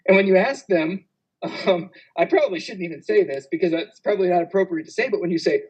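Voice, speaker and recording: A man with a husky, slightly breathy voice pitched a little high speaks as a panelist at a medical conference. He tells stories with an easy, laughing delivery and quick asides. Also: a little mellow, muffled recording. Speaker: panelist physician.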